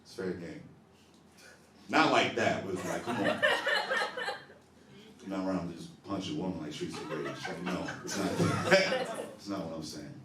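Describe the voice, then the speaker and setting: A man's voice: low voice, moderate pace, pauses often. A young man doing a stand-up set in a comedy club, laughing often and working the crowd. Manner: animated, laughing, talks back to the audience. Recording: roomy live club recording from a distance.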